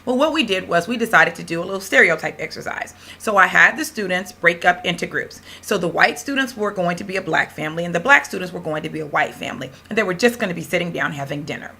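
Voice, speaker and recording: A woman professor lectures in a bright, forceful voice, leaning on her words and telling a classroom story with lively emphasis. She talks to the room in a loose, conversational way and leaves room for the class to answer. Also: on the low side, quick pace, creaky, hardly any pauses.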